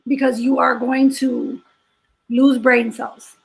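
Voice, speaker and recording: A woman's voice: high-pitched, flat delivery, slow, gravelly, rough recording. A woman co-hosting a podcast in casual chat, speaking earnestly and reflectively with occasional jokes. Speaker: podcast co-host.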